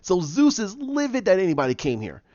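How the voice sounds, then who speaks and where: A man's voice: sits high, a little fast, no echo. A man casually recapping a comic book story, acting out the characters' lines with lots of restarts. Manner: animated, acts out characters' lines, many restarts. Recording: dry, muffled lo-fi.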